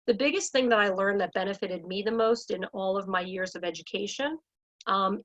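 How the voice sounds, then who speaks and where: A woman's voice: mid-range voice, fairly bright tone. A woman speaking as a salon business coach in a panel talk, talking with emphatic energy and acting out scripts for clients. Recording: dull lo-fi audio.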